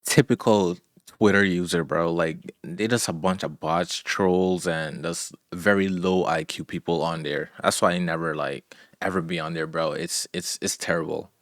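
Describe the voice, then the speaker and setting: A man's voice: sits low, fairly even intonation, moderate pace, no echo, clean studio sound. A man chatting casually, laid-back, dropping "bro" and "like" between his thoughts. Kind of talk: casual chat.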